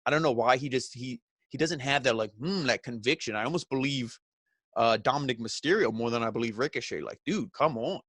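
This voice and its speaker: Male reviewer, mid pitch, sardonic and crude, dry close sound. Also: brisk, fairly bright tone, husky, dry recording. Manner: sarcastic, profane, mocking impressions of wrestlers. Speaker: wrestling show reviewer. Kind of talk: casual recap commentary.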